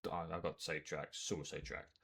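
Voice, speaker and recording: A man's voice: extremely low pitch, flat delivery, brisk, creaky, a bit bright. A young man hosting a reaction video, ranting heatedly with plenty of swearing.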